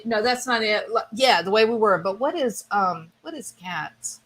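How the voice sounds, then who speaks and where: A woman's voice: medium pitch, expressive, normal speed, fairly bright tone. A woman streamer casually chatting with her viewers, rambling and thinking aloud with enthusiasm. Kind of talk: casual chat.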